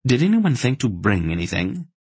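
A man's voice: medium pitch, sing-song, normal speed, husky, no room sound, voice pushed up. A man reading an audiobook and voicing a stern, practical woman who gives orders in a raised voice. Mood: firm. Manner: firm and commanding.

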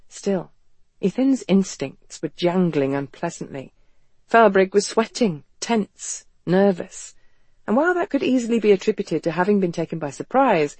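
An audiobook narrator reading a novel in an even, measured storytelling voice. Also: medium pitch, slightly rough, no room sound.

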